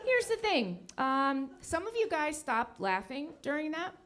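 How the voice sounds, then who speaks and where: A woman's voice: sits high, very animated, a little slow, hardly any pauses, background noise. A woman in her fifties doing a stand-up comedy set, teasing the crowd and laughing at her own jokes. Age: 50s.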